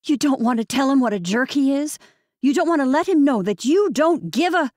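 A woman narrator voicing a steady, coaxing friend who talks slowly and deliberately. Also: sits high, dry recording, studio quality, voice pushed up. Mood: goading.

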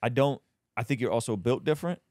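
A man hosting a casual interview, talking quickly and agreeing often with his guest. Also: medium pitch, darkish tone, no echo, studio quality. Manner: quick, agreeable, many back-channel "yeah"s. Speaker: podcast host.

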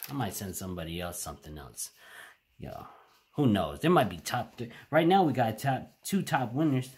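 A man hosting a casual card-opening vlog from home, excitable and chatty, talking straight to his viewers. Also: mid-range voice, moderate pace, slight background noise. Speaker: card-opening channel host. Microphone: home camera setup.

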